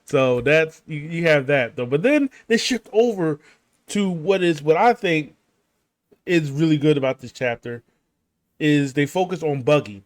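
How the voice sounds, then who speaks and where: A man's voice: fairly high pitch, animated, measured pace, no echo. Rambling man with a dry close sound. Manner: rambling, filler-heavy, frequent restarts and chuckles. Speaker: gaming channel host recapping a manga chapter. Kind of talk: casual spoken recap over gameplay.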